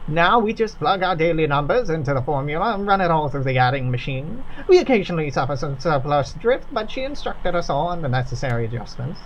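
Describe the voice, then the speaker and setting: A man's voice: on the high side, very animated, fairly quick, hardly any pauses, dull audio, slight background noise. A man voicing a patient older man with a drawling Kentucky accent who guides newcomers through a strange workplace in a video game let's play. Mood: reverent.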